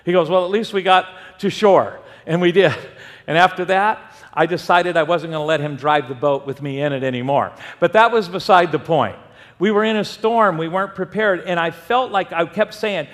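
A man's voice: sits high, normal speed. A middle-aged man preaching a sermon, telling stories and acting out the voices in them. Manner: animated storytelling, acting out voices. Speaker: pastor. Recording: long hall reverb.

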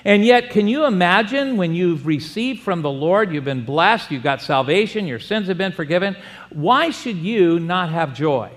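A man preaches a sermon with a high, animated voice, acting out little back-and-forth exchanges and dropping jokes along the way. He talks as a pastor to his congregation. His voice carries the long reverb of a church sanctuary. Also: normal speed.

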